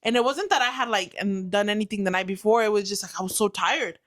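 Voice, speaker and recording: A woman's voice: medium pitch, fast talker. Chatty young woman telling a story. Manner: chatty storytelling, swears, acts out quotes. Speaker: guest, new mother. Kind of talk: casual chat.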